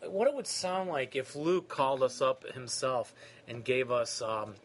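A man hosts a podcast in a relaxed, chatty way, trading dry jokes and gentle teasing with his co-hosts. His voice sits at an ordinary middle pitch for a man, and a faint hiss lies under the recording. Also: a little slow. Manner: joking, teasing, dry humor. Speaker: podcast host. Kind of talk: casual podcast banter.

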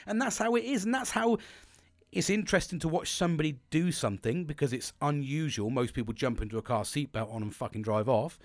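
A man's voice: on the high side, fairly quick, dry recording. A man hosting a podcast, talking frankly and casually about coping and mental health, swearing freely and restarting his sentences. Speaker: podcast host.

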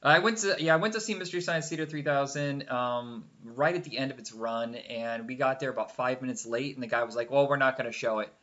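A man co-hosting a casual chat, telling stories with animated acted-out quotes and frequent laughs. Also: mid-range voice, a little fast, few pauses, highs cut off. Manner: animated storyteller, acts out quotes, laughs often.

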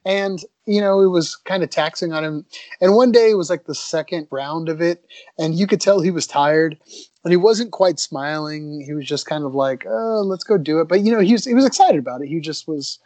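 Chatty man with a slightly high voice. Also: brisk, dry recording. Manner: relaxed, chatty, with restarts. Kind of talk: casual anecdote telling.

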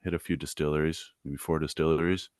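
A man's voice: a bass voice, quick pace, no room sound. A man co-hosting a podcast, chatting casually and telling stories with a dry, joking manner. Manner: dry, joking, relaxed storyteller. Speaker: podcast co-host. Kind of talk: casual chat. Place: podcast studio.

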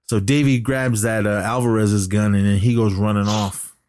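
A man's voice: lowish voice, level tone, normal speed, a little mellow, no room sound, studio quality. A man co-hosting a casual podcast, recapping a movie plot in a rambling way, full of fillers and acted-out lines. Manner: rambling retelling with many fillers, acting out lines. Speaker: podcast co-host.

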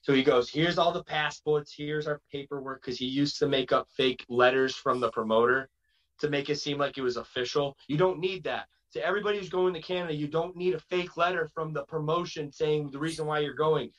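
A man, a pro wrestler guest, telling stories in a casual interview, lively and quick to slip into quoted voices and asides. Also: fairly high pitch, dull audio.

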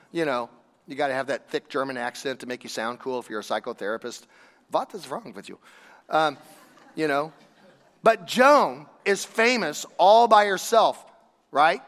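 A man preaches in a loose, conversational way, pressing his points with emphasis and rhetorical questions. His voice sits fairly high for a man. The sound rings with the long reverb of a large hall. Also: fairly bright tone. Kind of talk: sermon.

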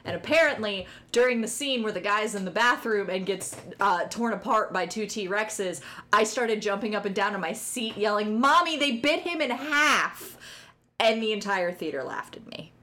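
A woman chatting casually on a podcast. She is playful and tosses in short deadpan jabs. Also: medium pitch, moderate pace, hardly any pauses. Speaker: podcast co-host. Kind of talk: casual chat.

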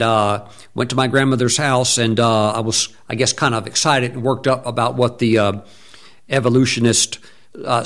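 A man's voice: mid-range voice, fairly bright tone. A middle-aged man, a pastor, preaching a sermon emphatically, drawing words out and humming between phrases.

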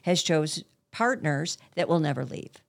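Older woman with a very low voice. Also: expressive, unhurried, vocal fry. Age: 60s. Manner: candid and earnest, sprinkles mild swearing. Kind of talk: casual conversation.

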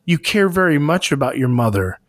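A man's voice: on the high side, big pitch swings, fairly quick, no room sound, studio quality. A man co-hosting a casual podcast discussion, speaking earnestly and hunting for the right words with many restarts. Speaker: podcast co-host.

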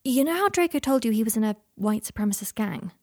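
A woman voicing a caring, steady young man who talks quietly and gently in a read-aloud story. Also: on the high side, fast, dry recording, clean studio sound.

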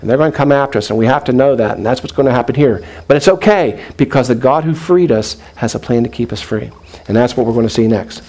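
A middle-aged man preaching a sermon in an animated way, with joking asides and quoted voices. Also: medium pitch, fast. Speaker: pastor.

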